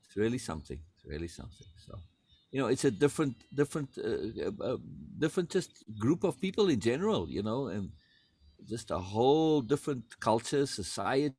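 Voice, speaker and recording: A man from outside the United States talking in a relaxed conversation, repeating words and laughing often as he tells a travel story. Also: mid-range voice, moderate pace, husky, no room sound. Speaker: podcast host. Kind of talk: casual conversation.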